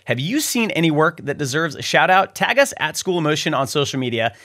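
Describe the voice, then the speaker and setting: A man's voice: fairly high pitch, big pitch swings, a little fast, fairly bright tone. A man hosting a scripted news roundup, upbeat and jokey with playful asides. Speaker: show host.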